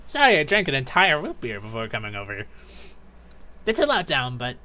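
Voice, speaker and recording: A man's voice: mid-range voice, wildly swooping pitch, moderate pace, pushed and bright. A man streaming a game live, making joking, self-interrupting asides as he plays.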